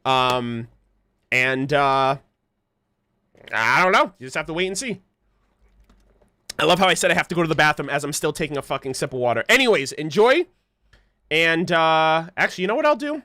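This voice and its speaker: Man, livestream host, excitable casual commentary, high voice, smooth and clear, laughs and swears a lot. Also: moderate pace, pauses often, dry recording, clean studio sound. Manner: excitable, laughing, swearing freely, chatty with viewers. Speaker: livestream host reacting to an animated series.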